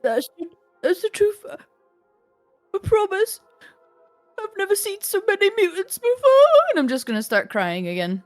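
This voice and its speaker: A woman's voice: very high-pitched, sing-song, moderate pace, pauses often, faint music behind, pitched above the performer's own voice. A woman playing a frightened young traveler who is close to tears in a tabletop game. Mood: tearful. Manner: pleading, near tears. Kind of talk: tabletop role-play in character.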